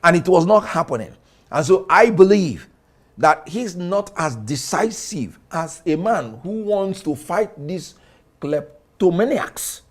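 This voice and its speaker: A man with a Nigerian accent, giving an impassioned political interview as a lawyer guest, declaiming and rising to shouts. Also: high voice, sing-song, a little slow.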